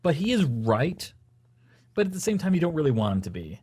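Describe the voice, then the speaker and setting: A man's voice: fairly high pitch, big pitch swings, brisk, a little mellow, slightly rough. A man hosting a casual podcast chat, enthusiastic, stumbling and restarting as he talks. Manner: enthusiastic, fills with restarts and stammers. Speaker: podcast host.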